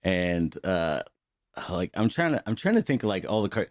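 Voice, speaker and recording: A man's voice: deep voice, very animated, moderate pace, no echo, clean studio sound. A middle-aged man co-hosting a podcast, telling loose, profane stories with plenty of laughter. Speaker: podcast co-host. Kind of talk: casual podcast chat.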